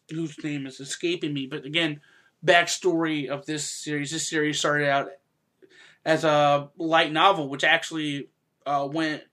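A man hosting a casual podcast review, chatty and quick to laugh, sometimes breaking into loud silly impressions. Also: a little high. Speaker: podcast host reviewing an anime.

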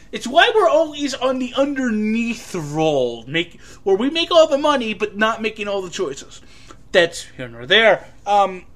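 High, animated man reviewing a film. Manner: rambling, full of fillers and restarts, animated. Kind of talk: casual film review monologue.

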